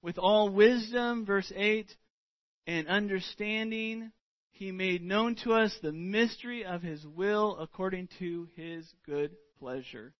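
A middle-aged male pastor delivers a sermon in a high-pitched voice at an unhurried pace, earnest and deliberate, drawing words out for emphasis and weight. The recording is dry, a little dull, and has no echo.

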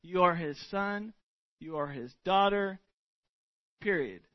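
A middle-aged male pastor delivers a sermon in a high-pitched voice at an unhurried pace. He speaks earnestly and deliberately, stretching words for weight. The recording is dry and a little dull. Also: no room sound. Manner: earnest, deliberate, drawn-out emphasis.

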